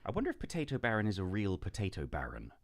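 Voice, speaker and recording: A man's voice: on the low side, wildly swooping pitch, fast, no room sound. A man co-hosting a live show, trading playful, dry banter in casual chat. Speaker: co-host.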